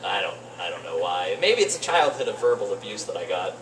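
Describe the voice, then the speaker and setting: A young man doing rambling open-mic stand-up comedy in a cafe, with deadpan asides. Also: low voice, a little fast. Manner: rambling, deadpan asides, lively swings into mock voices. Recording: roomy cafe with faint noise, distant mic.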